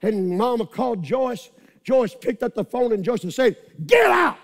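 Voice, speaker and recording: A middle-aged male pastor preaching a sermon, fiery, with repeated shouted refrains. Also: high-pitched, normal speed.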